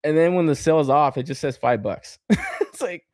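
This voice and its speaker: A podcast host with a slightly high, slightly mellow voice goes through live comments at a moderate pace, swearing heavily, rambling, using lots of fillers and laughing often. Studio-quality audio without room sound.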